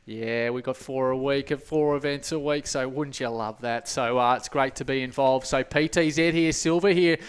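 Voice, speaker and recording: A man's voice: mid-range voice, moderate pace, few pauses, smooth. A man calling a virtual cycling race, jokey and bantering with his co-host. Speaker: race commentator. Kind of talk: sports commentary.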